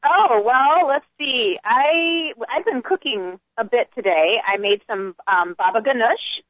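A woman's voice: fairly high pitch, unhurried, no room sound. A chatty, easygoing woman chef talks as a guest over the phone. Her voice comes through a tinny, narrow phone line. The sound is dry with no room around it. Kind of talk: phone-in interview.

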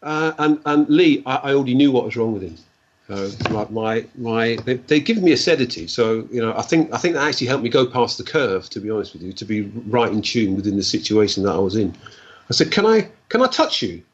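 A man, a guest telling stories in a rambling, animated way and acting out the dialogue. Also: medium pitch, brisk, breathy edge. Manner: rambling, animated storyteller who acts out dialogue. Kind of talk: casual storytelling. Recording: dull lo-fi recording.

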